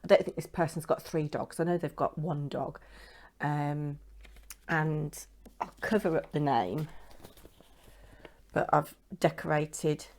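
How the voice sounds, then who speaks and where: A woman's voice: deep voice, takes it slowly, pauses often, darkish tone. A middle-aged British woman chatting casually to camera at home as she shows her handmade crafts, rambling along. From United Kingdom. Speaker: craft vlogger.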